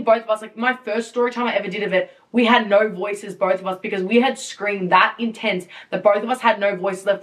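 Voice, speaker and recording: A woman in her twenties hosting a podcast, telling a story casually in an animated way with frequent laughs and swearing. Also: medium pitch, recorded from a distance. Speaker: podcast host. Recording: voice a bit off-mic.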